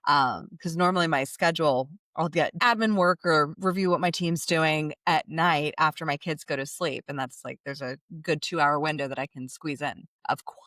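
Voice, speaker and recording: A woman hosting a podcast, chatting in an animated way and telling a story about her family. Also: low voice, normal speed, hardly any pauses, dry recording, studio quality. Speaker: podcast host. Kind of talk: conversational podcast interview.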